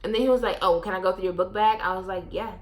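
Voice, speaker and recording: A woman's voice: mid-range voice, racing. A young woman vlogger telling a story in a casual, blunt and profane way, acting out what each person said. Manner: blunt, profane, animated storytelling with quoted asides.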